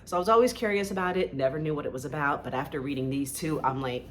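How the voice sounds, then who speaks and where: A woman's voice: sits low, fast talker, a little hiss or hum. A woman chatting casually about books she loves, gushing and rambling with lots of filler words. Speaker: book vlogger. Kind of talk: casual book review chat.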